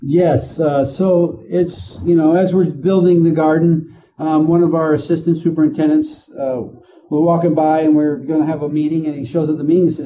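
A man working in prison administration, answering interview questions slowly with many pauses and fillers. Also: a little high, fairly even intonation, lo-fi sound, a crowd in the background. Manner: slow, halting, with many fillers.

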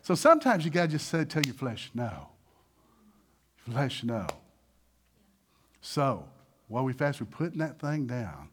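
A male pastor preaching a sermon in an animated way, acting out little voices and swinging between loud and soft. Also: fairly high pitch, fairly quick.

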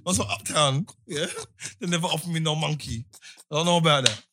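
A man's voice: on the high side, a little fast, no echo, clean studio sound. A young man, co-hosting a show, joking around in casual banter and repeating himself to make a point. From Barbados. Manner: animated, repeats himself, slangy. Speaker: podcast co-host.

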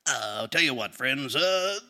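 An actor playing a folksy rural radio announcer who rambles and keeps saying "tell you what" in a live comedy radio sketch. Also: male voice, medium pitch, animated, normal speed, sharp tone, slight background noise.

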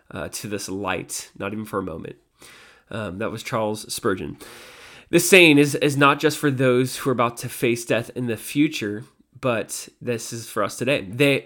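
Brief: male devotional host, mid-pitched voice, casual Bible talk, loose phrasing with fillers. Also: fairly bright tone. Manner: casual, with fillers and self-corrections. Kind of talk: conversational Bible teaching.

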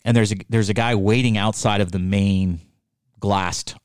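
A man chatting casually on a podcast, telling a story with lively, acted-out quotes. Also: on the low side, moderate pace, clear, resonant tone, dry recording, studio quality. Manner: animated storyteller, acts out quotes. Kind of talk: casual chat.

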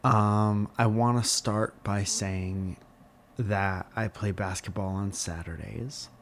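A man's voice: fairly low pitch, steady tone, slow, slight background noise. A man co-hosting a comedy podcast, rambling and amused by his own bits in casual banter. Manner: rambling, self-amused storyteller.

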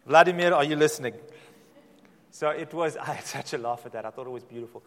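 A man's voice: fairly high pitch, expressive. Man preaching in a reverberant hall. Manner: dramatic emphatic preaching, drawn-out repeated phrases. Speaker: pastor. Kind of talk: sermon.

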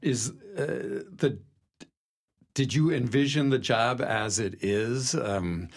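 A playful podcast host asks questions in a relaxed way and teases the guest. Frequent affirming murmurs keep the chat moving. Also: mid-range voice, slow. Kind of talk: casual podcast interviewing.

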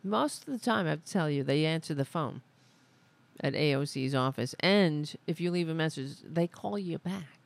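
A woman's voice: low voice, expressive, moderate pace, vocal fry. A woman hosting a podcast, ranting in exasperated, sarcastic, profane political commentary into a studio microphone. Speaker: podcast host.

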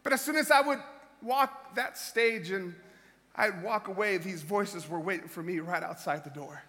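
A middle-aged man preaching a sermon, impassioned and shouting exhortations with chuckles in between. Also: high voice, moderate pace. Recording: reverberant hall.

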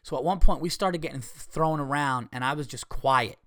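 A man's voice: a little high, a little fast, a bit bright, dry recording, clean studio sound. A man hosting a podcast, telling a story casually and animatedly, swearing, acting out what people said and making sound effects. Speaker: podcast host and comedian.

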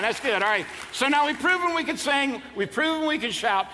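Talking fast with hardly a pause, this fifty-something pastor has a very high-pitched, pushed, bright voice as he jokes with his congregation and leads them in call-and-response. The large church hall adds reverb, faint ambience, and slight background noise.

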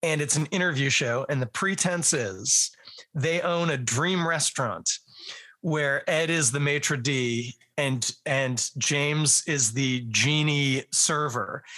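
A man's voice: on the high side, takes it slowly, bright, forceful tone. A man chatting casually as a podcast guest, rambling through tangents. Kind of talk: casual chat.

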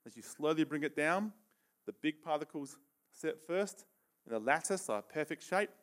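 A man's voice: on the high side, expressive, normal speed, a bit bright. A middle-aged man preaching a casual sermon, often checking in with "okay?", laughing between points and leading a live demonstration with a volunteer.

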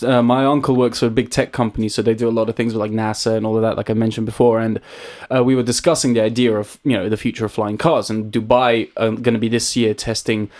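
A man's voice: on the low side, level tone, fast, hardly any pauses, a little mellow. A man co-hosting a podcast in casual chat, jokey and rambling, and laughing often. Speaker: podcast co-host.

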